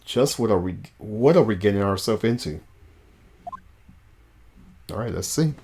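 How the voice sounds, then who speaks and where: A man's voice: fairly low pitch, animated, a little slow, mellow, a little hiss or hum. Laughing male game streamer. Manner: laughs often, reads dialogue aloud. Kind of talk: casual game let's play.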